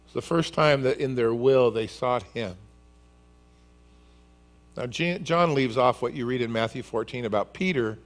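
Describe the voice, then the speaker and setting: A man's voice: mid-range voice, moderate pace. A male pastor delivering a sermon, telling the story vividly and acting out its scenes. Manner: animated storyteller who acts out scenes.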